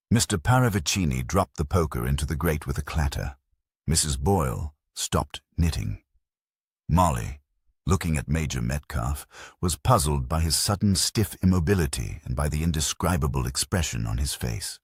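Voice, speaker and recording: A man narrates a mystery novel in an extremely deep, husky voice. His reading is measured, with lively rises and falls. The sound is dry and close. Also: dry recording. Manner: measured storytelling delivery. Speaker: audiobook narrator.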